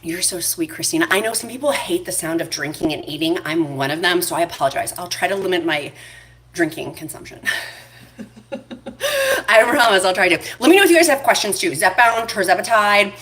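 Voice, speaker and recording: A woman's voice: lowish voice, lively intonation, fairly quick, fairly bright tone. A woman hosting a casual live stream, chatty and bubbly, reading viewer comments aloud. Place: home kitchen. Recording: echoey room, faint noise.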